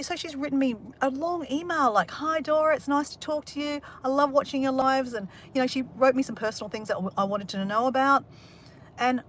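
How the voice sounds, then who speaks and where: An Australian woman hosts a livestream, chatting casually, rambling and joking with sarcastic, self-mocking humour as she reads out viewer comments. Her voice is on the high side with a fairly bright tone, and there's a little hiss or hum.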